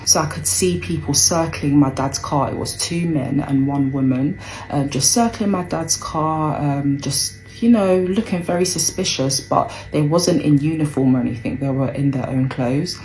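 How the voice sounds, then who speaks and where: Low-voiced woman telling her story. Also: darkish tone, a little hiss or hum, rough recording. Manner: hesitant, lots of ums, acts out what people said. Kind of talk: personal storytime.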